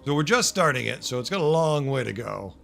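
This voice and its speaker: A man's voice: mid-range voice, big pitch swings, a little fast, vocal fry, a bit bright, faint music behind. A man with a Boston accent streaming a building game, chatting casually with viewers. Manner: chatty, talks to chat viewers. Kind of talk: casual livestream chat.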